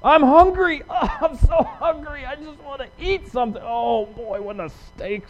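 A man's voice: very high-pitched, moderate pace, voice pushed up. A man voicing a starving man who whines and sighs over the food he craves, in a dull lo-fi recording. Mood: whiny. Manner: whiny, sighing, mock-pleading. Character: starving man whining about his cravings.

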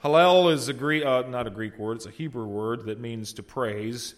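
Reading scripture within an expository sermon, this pastor speaks earnestly in a mid-range voice at a moderate pace. His volume rises on exclamations, then drops gently at the close of lines.

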